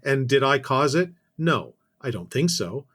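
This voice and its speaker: A man's voice: medium pitch, big pitch swings, measured pace, fairly bright tone, breathy edge. A Canadian man, a podcast guest, telling a casual story full of self-corrections and dry asides.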